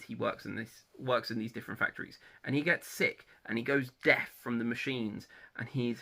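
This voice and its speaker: A man talks through his favourite stories in an unscripted, rambling way, often pausing on "um" and restarting his sentences. His voice is strikingly bright and forceful, and it sits at an ordinary middle pitch. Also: vocal fry. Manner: chatty and rambling, with frequent ums and restarts. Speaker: book reviewer. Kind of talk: casual spoken book review.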